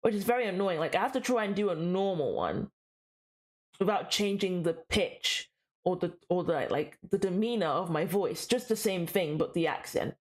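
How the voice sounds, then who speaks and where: A woman's voice: fairly low pitch, animated, normal speed. A woman streaming a game, reading the story aloud and chatting with viewers in a chatty, self-deprecating way.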